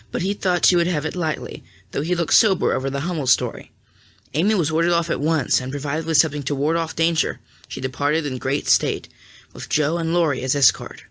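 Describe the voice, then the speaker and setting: An audiobook reader narrating a classic novel in a measured storytelling way. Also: mid-range voice, fairly bright tone. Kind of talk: scripted narration.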